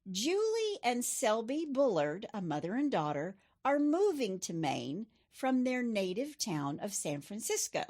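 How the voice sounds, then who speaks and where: A woman's voice: on the high side, big pitch swings, unhurried, few pauses, darkish tone. A middle-aged woman hosting a true crime podcast, telling the case in a chatty way with personal asides. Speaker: podcast host. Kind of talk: true crime storytelling chat.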